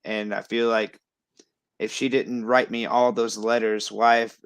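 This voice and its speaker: A man in his thirties, a guest telling his story in casual chat, animated with lots of fillers. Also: lowish voice, unhurried, clear, resonant tone, no echo. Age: 30s.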